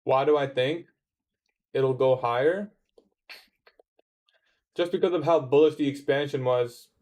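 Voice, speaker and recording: A man's voice: mid-range voice, measured pace, a little mellow. A young man chatting casually on his day-trading livestream, answering viewer comments in a laid-back way. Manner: laid-back, says "bro" often, talks back to chat.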